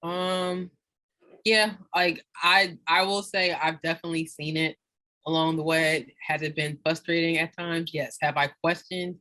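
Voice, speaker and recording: Bright-voiced woman podcast co-host. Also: low-pitched, level tone, a little slow, no echo. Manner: reflective, answers thoughtfully with some hesitation. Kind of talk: casual chat.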